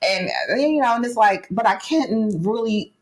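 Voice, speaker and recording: A woman's voice: a little high, animated, moderate pace. A woman co-hosting a podcast, speaking openly and asking questions in casual chat. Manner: open and questioning. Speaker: podcast co-host.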